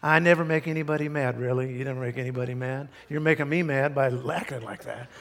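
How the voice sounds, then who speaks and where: A man's voice: medium pitch, fairly even intonation, quick pace, a bit bright, long reverb tail. A man preaching a sermon in a church, folksy and emphatic, sometimes mimicking people to make a point. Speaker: pastor. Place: church sanctuary.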